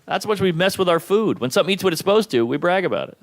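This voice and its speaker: Thirties male comic, deadpan punchlines, bouncy high-ish delivery, live club with audience laughter. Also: racing. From United States. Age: 30s. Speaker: stand-up comedian. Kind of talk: stand-up comedy set. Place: comedy club stage.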